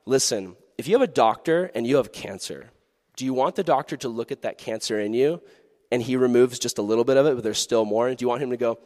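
A man giving a youth sermon in a lively, animated way, acting out quoted voices. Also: mid-range voice, a little fast. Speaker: youth pastor. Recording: long hall reverb.

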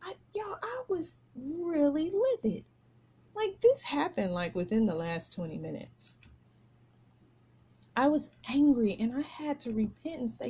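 Speaking at a measured pace in a high, sing-song voice with a dark tone, a middle-aged woman hosting a podcast talks casually about faith. She tells a personal story and draws a lesson from it, emphatically repeating phrases.

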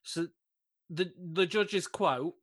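A man's voice: sits high, drawn-out words. A male podcast co-host reading out a news story in casual chat, amused and laughing between lines.

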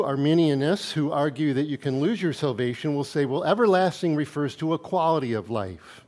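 A man's voice: on the high side, lively intonation, normal speed, a little mellow. A male pastor preaching a sermon in a conversational way, reading scripture aloud with asides and light chuckles.

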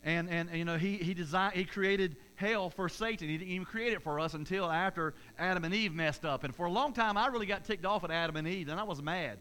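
Poor audio captures a high-pitched male pastor delivering a conversational sermon before his congregation at a church service. He speaks fairly quickly with few pauses, his voice pushed and bright, often stumbling into restarts and repeating words.

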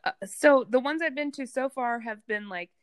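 A woman chatting casually as a co-host, full of "like" and quick laughs. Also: high-pitched, no room sound, studio quality. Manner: chatty, laughs often, lots of "like". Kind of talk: casual chat.

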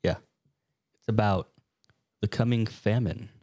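A man's voice: fairly low pitch, unhurried, warm tone, no room sound, clean studio sound. A man co-hosting a casual podcast, telling stories in a laid-back, matter-of-fact way. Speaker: podcast co-host. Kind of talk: casual chat.

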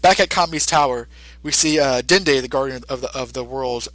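A man's voice: medium pitch, normal speed, a bit bright, no room sound, rough recording. A male podcast host casually recapping an episode, rambling with lots of fillers.

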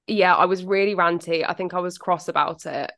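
A woman with a British accent chats as a podcast co-host, speaking in a low, polished, enunciated way. Her diction sounds almost finishing-school proper. Now and then she drops in a casual swear word. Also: steady tone, a little fast, a bit bright. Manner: well-spoken, enunciated, occasionally sweary. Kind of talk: casual chat.

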